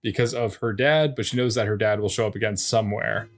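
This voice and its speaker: A man co-hosting a podcast, narrating an episode recap in a steady way with dry little asides. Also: fairly low pitch, fast talker, faint music behind. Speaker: podcast co-host.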